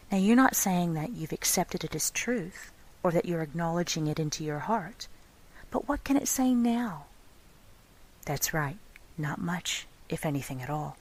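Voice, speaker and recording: A woman with a slightly low voice hosts a spiritual self-help podcast. She speaks softly and deliberately, and her words often thin out into a breathy whisper. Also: rough recording. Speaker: podcast host.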